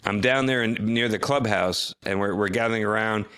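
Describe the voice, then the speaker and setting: A middle-aged man from New Jersey, co-hosting a podcast and telling a story in casual chat. He is animated and keeps restarting his sentences. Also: fairly low pitch, brisk, clean tone. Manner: animated storyteller who acts out quoted lines, with frequent restarts. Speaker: podcast co-host.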